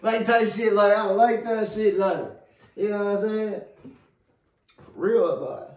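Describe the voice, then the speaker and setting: Young male co-host, slangy casual talk, higher voice, roomy distant sound. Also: measured pace. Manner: laid-back slang, animated when arguing. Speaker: podcast co-host. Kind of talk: casual chat. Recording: echoey room, distant mic.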